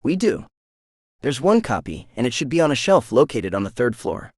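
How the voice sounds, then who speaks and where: A man's voice: medium pitch, very animated, moderate pace, darkish tone, no room sound, studio quality. A man voicing a helpful young woman librarian at a front desk, speaking matter-of-factly.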